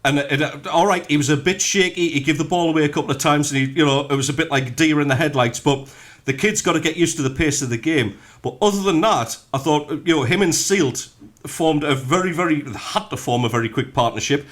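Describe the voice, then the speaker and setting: A man's voice: a little high, fairly quick, a bit bright. A man with a Sunderland accent reading football headlines and then chatting bluntly as a radio co-host. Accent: Sunderland (Mackem). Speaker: radio co-host and news reader. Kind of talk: headline reading and casual sports chat.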